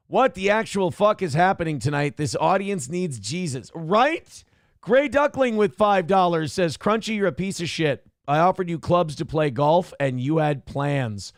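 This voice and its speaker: A man with a somewhat high voice hosts a live show and reads viewer donations aloud. He sounds exasperated and laughs often. His voice is close and dry, with almost no room sound. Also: animated, measured pace, no echo. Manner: exasperated, laughing, swears freely. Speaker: radio show host reading viewer donations. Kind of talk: casual live-stream talk.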